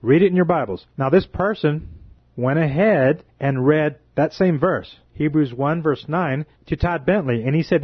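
A man's voice: on the high side, husky, dry recording. Impassioned preacher man, dry muffled sound. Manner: impassioned, indignant, drawn-out emphatic phrases. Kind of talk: fervent preaching monologue.

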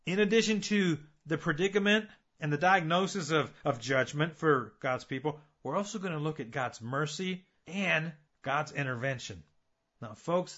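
A man's voice: a little high, a bit bright, muffled recording. A man preaching a sermon, earnest and building his points with repeated phrases and rhetorical questions.

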